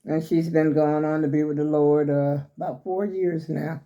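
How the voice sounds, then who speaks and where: A woman's voice: low-pitched, flat delivery, moderate pace, warm tone, highs cut off. An older woman, chatting casually to her viewers as she shows her skirts, a little out of breath. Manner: chatty and rambling, addresses viewers as y'all. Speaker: vlogger showing her clothes.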